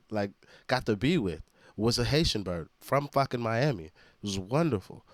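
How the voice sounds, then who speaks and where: A man's voice: medium pitch, lively intonation, moderate pace, no echo. A man hosting a reaction video, commenting in a blunt, profane, exasperated way.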